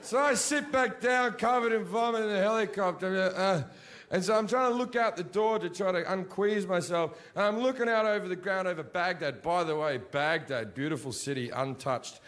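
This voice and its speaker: Crude comic on a live stage. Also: male voice, high-pitched, normal speed. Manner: crude, deadpan storytelling with sudden shouted outbursts. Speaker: stand-up comedian. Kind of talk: stand-up comedy storytelling. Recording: live show with audience noise behind.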